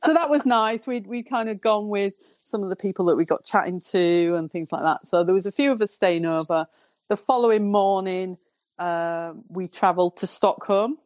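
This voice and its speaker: A woman with a Northern English accent, a podcast guest telling a rambling, relaxed story in casual chat. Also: medium pitch, normal speed, no echo, studio quality. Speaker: podcast guest, football fan.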